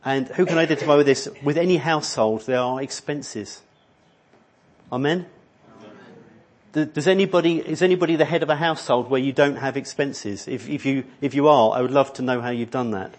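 A man's voice: mid-range voice, a little fast. A middle-aged man preaching a sermon in a church hall, rambling and conversational, with many restarts. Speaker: pastor.

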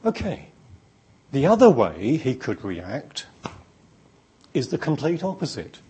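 A man's voice: mid-range voice, wildly swooping pitch, slow, warm tone, breathy edge. A man preaching a sermon in an emphatic, repetitive, storytelling manner.

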